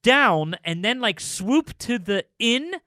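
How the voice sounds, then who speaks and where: Lively, high-voiced man swearing casually. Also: slow, dry recording, studio quality. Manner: profane, explains by describing gestures. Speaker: podcast co-host. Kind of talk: casual chat.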